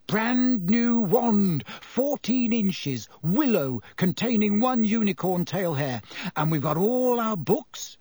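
A joking, cheeky teenage boy, as a male narrator puts him on, quick to tease and full of excitement. The voice sits a touch above the reader's own. Close, dry sound. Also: high voice, breathy edge, dry recording, pitched above the performer's own voice, heavily acted. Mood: proud.

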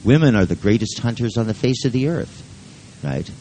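A man's voice: medium pitch, expressive, normal speed, dark tone, slight background noise, low-quality recording. A man leading a live workshop who talks in a rambling, joking and profane way. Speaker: seminar leader.

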